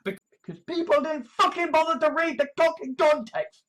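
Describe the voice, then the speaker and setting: A man's voice: extremely high pitch, moderate pace, fairly bright tone, poor audio. A man ranting in a sarcastic, exasperated way, swearing often and repeating a mocking phrase in escalating outbursts. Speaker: online commentator. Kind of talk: ranting commentary compilation.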